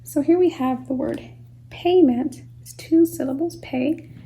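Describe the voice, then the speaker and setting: High, gravelly woman teacher, patient. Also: mellow, slight background noise, poor audio. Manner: slow, patient, sounds words out syllable by syllable. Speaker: homeschool teacher. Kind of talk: phonics lesson for young children.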